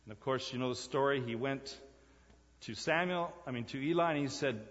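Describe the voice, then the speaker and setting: A man preaching a sermon in a church, emphatic, repeating key phrases and swinging from loud to hushed. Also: medium pitch, normal speed. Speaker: pastor. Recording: echoey church hall, dull lo-fi sound.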